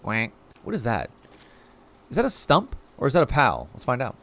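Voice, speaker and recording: Lively, chatty male game streamer. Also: medium pitch, fairly quick. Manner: chatty, talks to chat while playing. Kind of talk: casual live-stream commentary.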